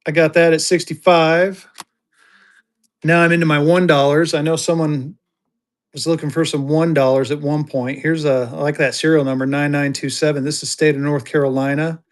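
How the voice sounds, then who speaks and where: A man's slightly high, level-toned voice moves at a moderate pace as he runs a casual live online auction. He's chatty and full of jokes, bantering with viewers as he presents each item.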